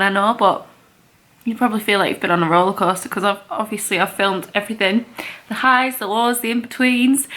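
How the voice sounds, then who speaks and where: A young woman vlogging in a casual, chatty way, excitable and gushing. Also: fairly high pitch. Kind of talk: casual vlog chat.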